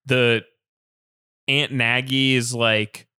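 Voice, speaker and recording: A man's voice: medium pitch, flat delivery, very slow, pushed and bright, clear, resonant tone, no echo, studio quality. A man co-hosting a casual movie review chat, talking in a loose, rambling way with swearing and fillers. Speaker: podcast co-host.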